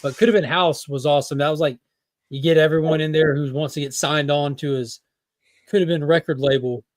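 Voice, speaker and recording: Enthusiastic, rambling male panelist; slightly high voice, dry close sound. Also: steady tone, brisk, no room sound. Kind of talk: casual panel chat.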